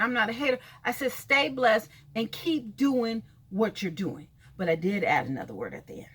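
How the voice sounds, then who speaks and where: A California vlogger vents in a casual video rant, blunt and sassy, cursing freely and speaking directly to the people she calls out. Her voice is high, bright, and forceful.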